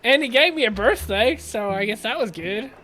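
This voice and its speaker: A woman's voice: fairly high pitch, animated, moderate pace, music in the background, close to an everyday voice. A woman playing an easygoing, crude young drifter looking for her father.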